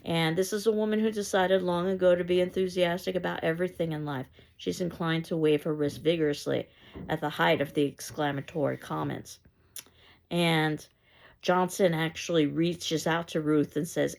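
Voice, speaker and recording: Creaky-voiced woman teacher lecturing. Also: deep voice, fairly even intonation, normal speed, darkish tone. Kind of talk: literature lecture.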